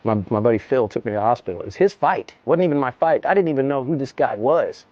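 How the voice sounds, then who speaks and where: A middle-aged man telling a story in a casual interview, animated and swearing, acting out the scene. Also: fast, no echo, dull audio. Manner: animated, swearing, acts out the scene with jumps in pitch. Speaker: interview guest.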